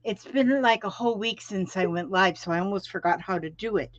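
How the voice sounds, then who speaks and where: A woman's voice: medium pitch, brisk, no echo. A middle-aged woman from Florida, rambling in folksy, casual chat as she hosts a crafting live stream from home and greets viewers by name. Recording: dull lo-fi stream audio, dry.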